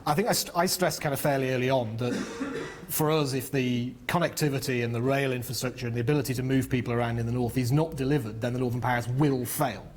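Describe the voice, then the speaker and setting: Guy presenting a business briefing, chatty and blunt, lots of ums and you knows, medium pitch. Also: steady tone, fast, hardly any pauses. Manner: frank and talkative, with frequent fillers. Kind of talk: spoken presentation with Q&A answers.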